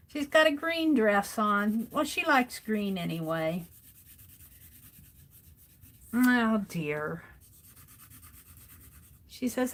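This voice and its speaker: A woman's voice: fairly high pitch, expressive, slow. A woman hosting an art livestream, chatting casually and musing aloud to herself as she draws. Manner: soft-spoken, muses aloud to herself. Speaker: livestream host and artist. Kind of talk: casual chat while drawing.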